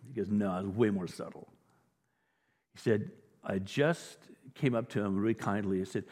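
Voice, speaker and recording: A man's voice: lowish voice, moderate pace, a little mellow. A male pastor giving a sermon, telling stories in a conversational way and rising to emphatic points. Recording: reverberant hall.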